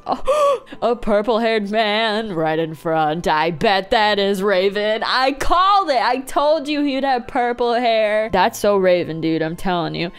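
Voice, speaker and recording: A woman giving excitable, jokey let's-play commentary as a gaming YouTuber. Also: a little high.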